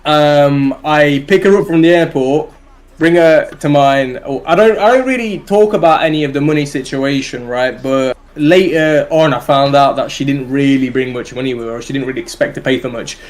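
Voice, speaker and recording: Animated British guy telling a story. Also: mid-range voice, normal speed. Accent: British English. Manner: animated, swears freely, laughs through the story. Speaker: live streamer. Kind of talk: casual storytelling on a livestream.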